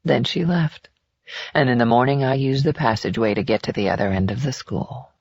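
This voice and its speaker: A man voicing a gravelly, cruel killer. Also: medium pitch, fairly quick, no echo, lo-fi sound, close to an everyday voice. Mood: cold. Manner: flat, menacing boasting.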